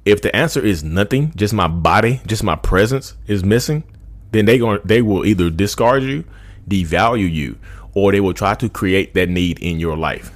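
A man's voice: fairly low pitch, normal speed. A man talking straight to his viewers in a casual, informal way, often restarting and repeating his phrases. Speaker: vlogger speaking about narcissism. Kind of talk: casual direct-to-camera talk.

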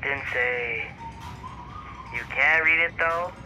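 A man's voice: mid-range voice, slow pace, sharp tone, faint music behind, rough recording. An actor playing a cocky, joking teenage boy who teases his best friend, in a scripted audio drama. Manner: brash, teasing, swaggering.

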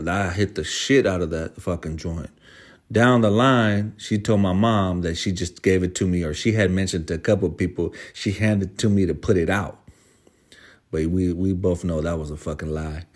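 A man with a low voice telling a personal story to his viewers. He talks in loose, casual slang, restarts his sentences often and swears freely. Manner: profane, slangy, rambling.

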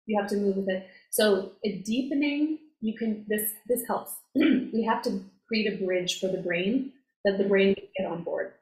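A woman success coach talking in a casual, animated way, full of fillers and acted-out quotes. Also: medium pitch, normal speed. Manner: animated, filler-heavy, acts out quoted voices. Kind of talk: casual conversational interview. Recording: roomy echo, faint noise.

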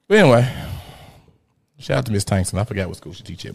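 A man, a podcast host telling a rowdy, profane story in casual chat, jumping between loud outbursts and muttered asides. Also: medium pitch, sing-song, quick pace, creaky, pauses often, breathy edge. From Memphis, USA. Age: 30s.

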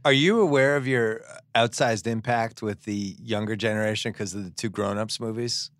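A man hosting a podcast who chats with his guest in a relaxed way, asking questions and adding quick asides. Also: lowish voice, no echo. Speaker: podcast host. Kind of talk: conversational interview.

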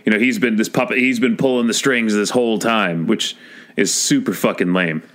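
A man's voice: fairly low pitch, steady tone, moderate pace, a bit bright. A man co-hosting a podcast, giving blunt, dismissive opinions in casual chat about films. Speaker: podcast co-host.

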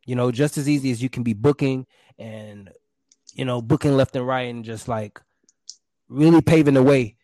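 A man, a stage performer, telling his story in a casual interview, animated and acting out voices. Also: mid-range voice, normal speed, dry recording. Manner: animated, acts out quotes with shouts and pants.

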